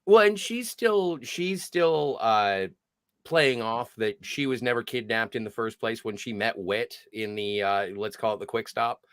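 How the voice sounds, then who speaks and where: A man co-hosting a podcast, talking through the episode in casual discussion, animated and halting. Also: mid-range voice, smooth, dry recording, studio quality. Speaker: podcast co-host.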